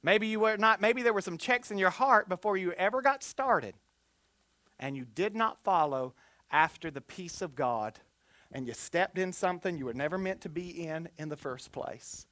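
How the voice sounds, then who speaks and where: Brief: animated preacher leading a sermon, dry close sound. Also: medium pitch, moderate pace, no echo. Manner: animated, exclamatory, call-and-response with the congregation. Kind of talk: Pentecostal sermon.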